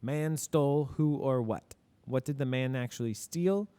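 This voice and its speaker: A man's voice: medium pitch, unhurried, mellow, clear, resonant tone. A male teacher talking through grammar examples in a casual lesson, asking and answering his own questions. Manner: casual, admits mistakes openly.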